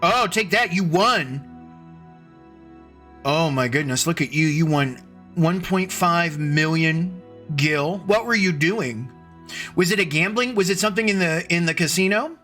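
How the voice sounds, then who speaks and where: A man's voice: fairly high pitch, a little slow, bright, forceful tone, faint music behind. A man hosting a casual live stream, rambling and restarting his sentences as he greets viewers by name. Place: at home computer.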